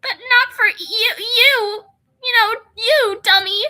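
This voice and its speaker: A woman's voice: extremely high pitch, slow, bright, forceful tone, voice pushed up, heavily acted. A woman voicing a prickly, defensive teenage girl as she reads a visual novel aloud, with huffy, flustered denials.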